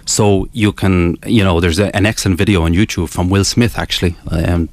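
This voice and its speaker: Deep-voiced man explaining steadily. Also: steady tone, darkish tone, no echo. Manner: measured, explanatory, with frequent restarts. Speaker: author and business owner guest. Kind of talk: radio interview.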